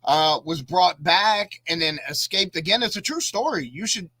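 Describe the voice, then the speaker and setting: A man's voice: high-pitched, expressive, normal speed, sharp tone, slight background noise. A man co-hosting a casual podcast, talkative and opinionated, telling stories with animation. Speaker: podcast co-host. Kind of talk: casual chat.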